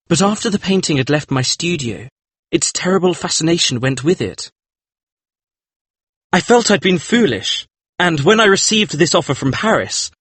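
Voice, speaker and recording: An actor playing an earnest, troubled male painter with a husky voice, in an audiobook drama reading. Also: on the high side, a bit bright, dry recording. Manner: pleading, earnest.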